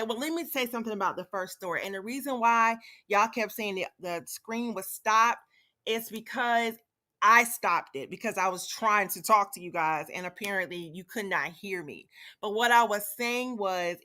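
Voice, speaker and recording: Bright-voiced woman hosting a chatty live stream. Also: medium pitch. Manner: chatty, talks straight to viewers, frequent fillers. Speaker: livestream host. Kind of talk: casual live-stream commentary.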